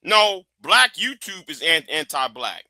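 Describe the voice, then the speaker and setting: A man ranting on his livestream in a high, very bright voice. He is blunt, profane and emphatic, and the sound is dry and close. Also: sing-song, measured pace, no echo. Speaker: livestream host. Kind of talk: heated commentary rant.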